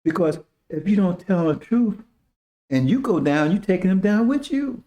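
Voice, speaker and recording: Man, informal preacher, slightly high voice, emphatic, casual slang, repetitive. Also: animated, normal speed, warm tone. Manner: emphatic, repetitive, keeps asking "See?". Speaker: religious teacher.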